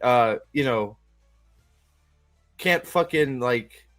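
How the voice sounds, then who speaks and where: A man's voice: medium pitch, animated, extremely slow, a bit bright, soft background music. A man giving a casual, profane movie rant, rambling and stammering as he goes. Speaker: movie reviewer.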